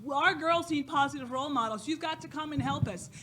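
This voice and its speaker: A woman's voice: high voice, fairly quick, pushed and bright, slight background noise. A woman who founded a youth program gives an emphatic, inspirational speech from an event stage, repeating phrases for emphasis. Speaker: nonprofit founder speaking at a fundraiser. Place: event stage with a live audience.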